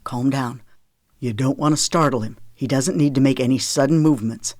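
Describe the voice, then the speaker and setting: A narrator voicing a calm, steady man who talks a scared boy through a rescue, reassuring and giving clear instructions in an audiobook. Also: medium pitch, normal speed, no room sound, studio quality, lightly acted. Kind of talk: audiobook character reading.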